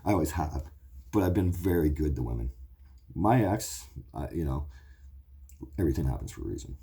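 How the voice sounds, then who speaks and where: A man's voice: rumbling low, animated, brisk, warm tone, slightly rough. A man in his forties hosting his own show, talking in a blunt, profane, emotional rambling monologue. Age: 40s. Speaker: show host.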